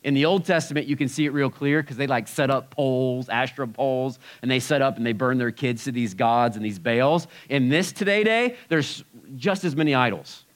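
A man preaching a sermon to a live audience in a relaxed, conversational way, swinging between loud and hushed. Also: mid-range voice, brisk, hardly any pauses, rough recording.

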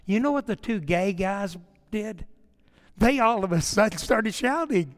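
Animated man preaching a sermon. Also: sits high, unhurried, long reverb tail. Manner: animated storytelling, acts out prayers and dialogue. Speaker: pastor.

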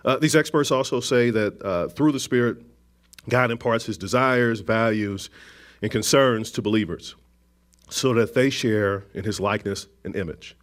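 A man preaching a conversational sermon, with frequent restarts, asides and gentle jokes to the congregation. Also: lowish voice, moderate pace.

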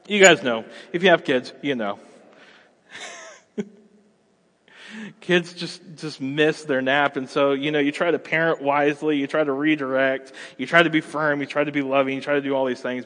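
A man in his thirties preaching a sermon as a pastor, conversational and animated, acting out everyday scenes. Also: a little high, big-room sound.

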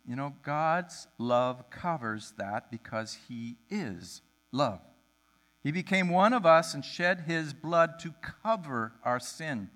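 A male pastor preaching a sermon with a bright, ringing tone. He tells his story with lively swings in pitch and acts out the people in it. His voice sits a little higher than most men's. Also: slow pace.

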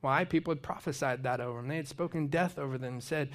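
A man's voice: mid-range voice, quick pace, fairly bright tone. A young man giving a casual, conversational sermon, telling personal stories and lifting his voice for emphasis. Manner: conversational, storytelling, rising with emphasis. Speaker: preacher.

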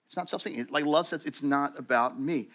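A man preaching in a church, talking to the congregation like he's chatting with friends and acting out what people say. His voice sits a little high, with a bright, forceful edge. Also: fairly quick. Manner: conversational, animated, acts out quoted voices. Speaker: pastor. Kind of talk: sermon.

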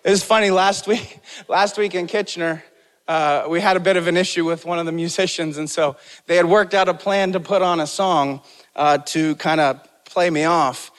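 A pastor preaches with emphasis, repeating key phrases and urging the congregation to answer back. His voice is fairly high and a bit bright, with fairly even intonation at a moderate pace, all under long hall reverb.

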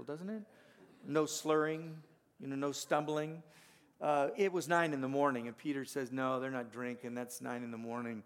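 Gravelly-voiced man preaching a sermon. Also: a little high. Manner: earnest preaching, rising and dropping to quiet. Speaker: pastor.

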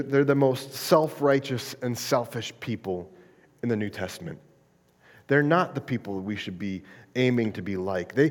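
A man's voice: medium pitch, in a large hall. A male pastor preaching a sermon in a conversational style, stumbling over restarts and often checking in with "right?".

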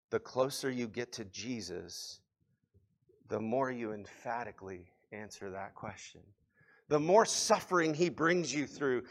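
A man's voice: mid-range voice, vocal fry, a bit bright. A man preaching a sermon in an earnest, fervent way, with many fillers and restarts. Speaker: pastor.

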